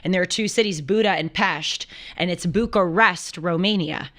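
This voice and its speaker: A woman hosting a talk show, telling a travel story in a lively, chatty way and acting out the people in it. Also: fairly low pitch, moderate pace. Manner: animated storyteller who acts out quoted voices. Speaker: show host. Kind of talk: casual chat.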